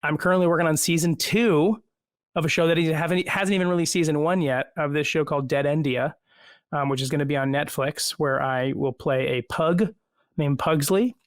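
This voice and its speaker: A man, an actor as a guest, chatting in a casual video-call interview from home, self-deprecating and quick to laugh. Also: a little high, steady tone, no echo, studio quality.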